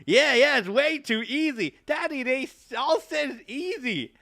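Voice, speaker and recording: A man voicing an excitable little girl who pushes her dad for a prize. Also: very high voice, measured pace, gravelly, pitched above the performer's own voice, full character voice. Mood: eager.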